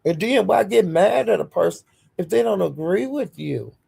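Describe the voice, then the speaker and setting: A woman's voice: medium pitch, expressive, normal speed, vocal fry, dark tone, slightly rough. A woman hosting a casual livestream, greeting viewers by name and speaking bluntly and defiantly. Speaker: livestream host.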